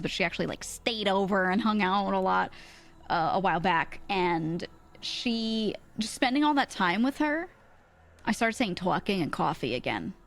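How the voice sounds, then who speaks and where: A young woman, chatting casually with her stream audience and laughing often. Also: medium pitch. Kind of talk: casual stream chat, reading chat messages.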